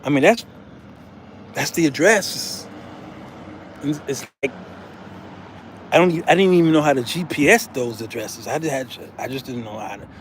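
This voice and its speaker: A man's voice: medium pitch, normal speed, pauses often, slight background noise. An American man hosting a casual travel vlog, telling a story with laughter and calling his viewers "y'all.". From United States. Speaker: vlogger, show host.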